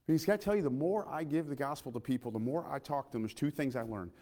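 A man preaching a sermon in a church, impassioned, swinging from loud calls to hushed asides and asking his listeners questions. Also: mid-range voice, fast talker, few pauses, long reverb tail.

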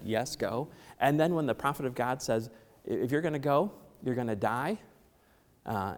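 Preacher, male, animated storyteller who voices each character, long hall reverb. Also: medium pitch. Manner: animated, acts out characters' lines in quick voices. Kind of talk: sermon retelling a Bible story.

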